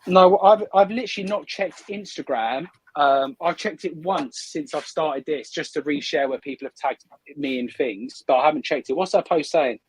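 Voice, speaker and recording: This man's voice is a little high and husky, moving at a normal speed as he streams live from a hot shed lit by photography lamps. He chats in an upbeat way and thinks aloud while working, captured in a dry, low-quality recording.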